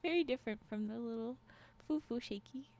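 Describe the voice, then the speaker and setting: There's background noise as a woman streamer chats and reads a story aloud at a fairly quick pace, her pitch fairly high. She giggles often and reacts to chat with exclamations.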